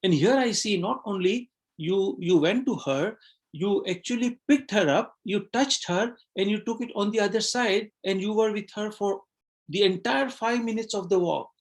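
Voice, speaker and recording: A man's voice: sits high, normal speed. A man voicing a resentful young male disciple who accuses his master, speaking in an indignant, accusing way.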